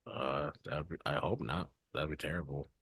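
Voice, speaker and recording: A man co-hosting a podcast, chiming in with relaxed short reactions and jokes. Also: extremely low pitch, normal speed, slightly rough, no echo, clean studio sound. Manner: laid-back short reactions and quips. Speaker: podcast co-host. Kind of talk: casual chat.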